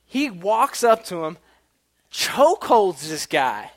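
Chatty, slightly high-voiced male preacher. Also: sing-song, slow. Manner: casual, chatty, with many restarts. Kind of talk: sermon.

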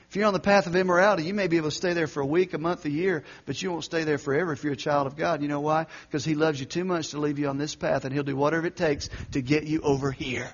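High-voiced preacher, wide dynamic swings. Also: male voice, steady tone, quick pace, hardly any pauses, lo-fi sound. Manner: preaching with big swings from loud exhortation to quiet intensity. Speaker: pastor. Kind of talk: sermon.

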